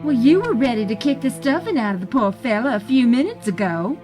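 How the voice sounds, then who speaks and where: A woman playing a scheming high-voiced schemer. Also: animated, a little fast, over music, natural voice. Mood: urgent. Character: scheming woman plotting a forced marriage.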